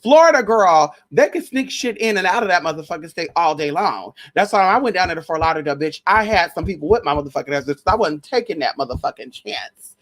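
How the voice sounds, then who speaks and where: A woman vlogger in a casual, profane gossip rant, brash and sassy, full of pet names and shout-outs, sometimes jumping into a shrill, mocking high voice. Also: animated, quick pace. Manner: mocks others in a shrill high voice.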